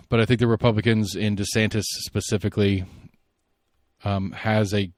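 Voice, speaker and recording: A man hosting a solo podcast, giving rambling, opinionated political commentary and thinking out loud. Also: on the low side, level tone, moderate pace, no echo, clean studio sound. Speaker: podcast host.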